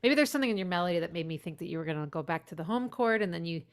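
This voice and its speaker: With music playing in the background, a woman music teacher gives casual, enthusiastic spoken feedback on a student's song, humming the melodies along as she listens. Her voice sits on the low side, expressive and very fast, full of warm praise.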